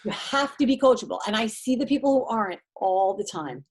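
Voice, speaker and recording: Husky, animated woman guest. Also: brisk. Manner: animated, acts out quoted exchanges in a higher voice. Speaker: podcast guest, triathlete and mindset coach. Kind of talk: casual interview talk.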